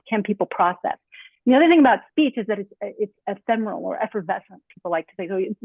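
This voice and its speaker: A woman's voice: medium pitch, vocal fry, no echo. A woman speaking as a designer on a panel, talking casually with many fillers and acting out spoken examples. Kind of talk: online talk on speech design. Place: home, on a video call. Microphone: computer mic on a video call. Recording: tinny phone-like video call audio.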